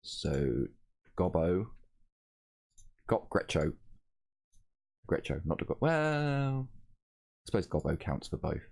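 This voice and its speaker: A man with a very low, deep voice runs a tabletop game over a voice call. He talks casually, stops and starts, and keeps correcting himself as he narrates. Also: sing-song, vocal fry, a little mellow. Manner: casual, halting, with frequent ums and self-corrections. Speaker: game master.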